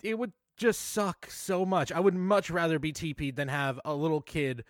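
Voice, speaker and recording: A man's voice: on the high side, moderate pace, dry recording, clean studio sound. A man co-hosting a podcast, recapping a film in casual chat with irreverent, profane exaggeration. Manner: irreverent, swears freely, deadpan exaggeration. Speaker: podcast co-host.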